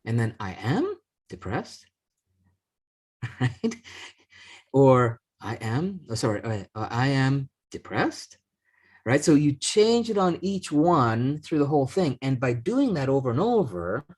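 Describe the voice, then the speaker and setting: A man's voice: medium pitch, sing-song, measured pace, darkish tone. Rambling chatty man hosting. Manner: rambling, many restarts and fillers. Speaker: podcast host. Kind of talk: casual chat.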